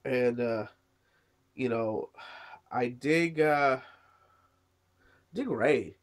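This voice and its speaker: A sick man, coughing, casually reviews a manga chapter in a mid-range voice, speaking extremely slowly. It's loose, chatty talk that rambles, packed with "you know" and "uh."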